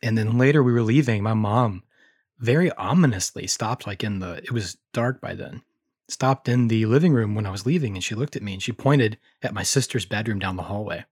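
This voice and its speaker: A woman co-hosting a podcast in casual chat, joking and telling animated stories. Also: rumbling low, brisk, slightly rough, dry recording, studio quality. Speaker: podcast co-host.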